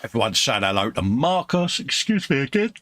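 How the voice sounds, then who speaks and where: A man's voice: medium pitch, very animated, fairly quick, a bit bright, no room sound. Chummy British man reading live chat. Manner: chummy, calls everyone mate. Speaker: co-host of a live model-building stream.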